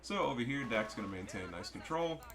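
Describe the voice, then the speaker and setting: Bright-voiced man doing profane gameplay commentary. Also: mid-range voice, lively intonation, brisk, soft background music. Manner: joking, profane, rambling.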